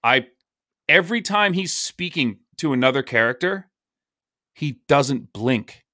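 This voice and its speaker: A man co-hosting a podcast, giving blunt, dry verdicts in a relaxed chat. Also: medium pitch, a little slow, no echo. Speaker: podcast co-host. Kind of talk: casual chat.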